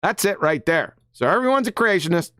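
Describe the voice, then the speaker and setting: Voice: medium pitch, very animated, brisk, sharp tone, smooth, no room sound, studio quality. A live-show host giving combative commentary, emphatic and mocking, often tagging lines with "right?". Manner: emphatic, keeps asking "right?". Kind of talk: live-stream commentary reading quotes.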